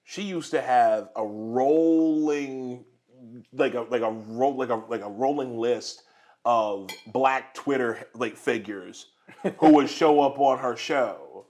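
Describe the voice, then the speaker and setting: A man's voice: medium pitch, slow pace, darkish tone. A man hosting a casual political chat over dinner at home, rambling with lots of restarts and fillers and laughing often. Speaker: host.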